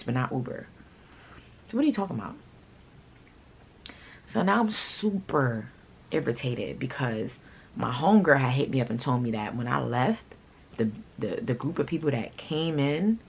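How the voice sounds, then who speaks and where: A woman with a low, husky voice tells a personal story straight to her viewers. She talks in a blunt, animated way and swears freely. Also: low-quality recording. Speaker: vlogger. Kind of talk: casual storytime.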